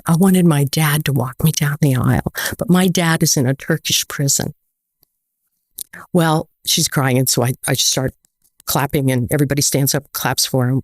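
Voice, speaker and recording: A woman's voice: deep voice, dry recording. An American woman speaks as a guest in a casual interview, telling stories with lots of quoted back-and-forth. Her voice rises and falls often and sounds close and dry. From United States. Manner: animated, tells stories with quoted dialogue.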